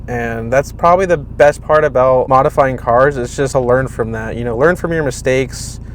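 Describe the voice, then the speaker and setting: A man's voice: medium pitch, moderate pace, slight background noise. A young man casually talking through his car project in a loose, rambling, profane way. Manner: loose, rambling and profane, with lots of "you know". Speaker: car vlogger. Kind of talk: casual garage vlog.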